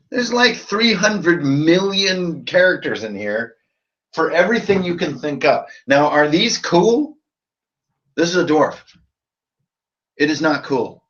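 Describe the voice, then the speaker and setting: A man's voice: fairly high pitch, fairly bright tone. A man hosting a live stream about tabletop role-playing games, tipsy from drinking and talking in a loose, profane, rambling way. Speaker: host of a tabletop RPG channel. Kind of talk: casual live-stream chat. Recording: dull lo-fi sound.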